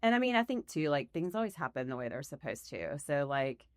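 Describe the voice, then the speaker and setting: Low-voiced chatty woman in a dry room. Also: sing-song, brisk, no room sound. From United States. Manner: chatty, storytelling, laughs often. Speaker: podcast guest, real estate team leader. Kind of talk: casual chat.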